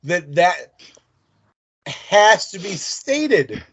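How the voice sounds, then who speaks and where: A man's voice: high-pitched, big pitch swings, very slow, fairly bright tone, breathy edge. A man co-hosting a podcast in casual chat, leading topics with frequent restarts. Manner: chatty, leads topics, hesitant restarts. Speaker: podcast co-host. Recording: dull lo-fi sound.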